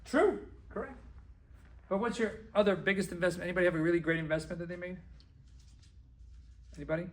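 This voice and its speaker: A man's voice: sits high, fast talker. A man, a dentist, giving a motivational talk to a group, acting out conversations and repeating phrases for emphasis. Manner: animated, acts out dialogue and repeats phrases for emphasis.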